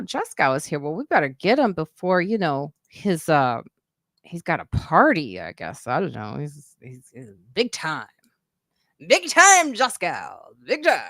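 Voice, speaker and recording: A woman's voice: low-pitched, a bit bright, dry recording, clean studio sound. A woman hosting a live-stream podcast, chatting casually and joking, laughing often. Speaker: podcast host.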